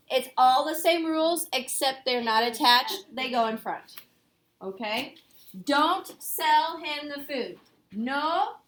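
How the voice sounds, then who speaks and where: A woman's voice: a little high, fairly bright tone. A woman teaching a Spanish grammar lesson in a classroom, quizzing her students and repeating their answers back. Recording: echoey classroom with faint noise.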